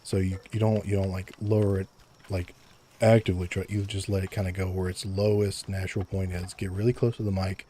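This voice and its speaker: Casual streamer, young man, low voice, mellow tone, stumbles over words, laughs a lot. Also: fairly even intonation, normal speed, slight background noise. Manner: stammers and repeats words, laughs often. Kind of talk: casual live-stream chat while gaming. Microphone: close desk microphone.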